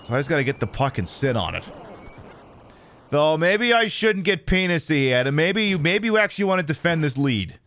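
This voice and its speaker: Guy from the states yelling and cussing at a hockey game he's playing, voice jumping all over, bit of hiss. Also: a little high, brisk. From United States. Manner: trash-talking, profane, excitable. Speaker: streamer. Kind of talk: live gameplay commentary.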